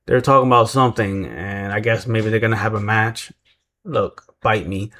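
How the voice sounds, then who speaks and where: Casting note: male wrestling-recap vlogger with a lowish voice, chatty and self-deprecating, loose and rambling. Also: steady tone, moderate pace, a bit bright. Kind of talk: casual recap commentary.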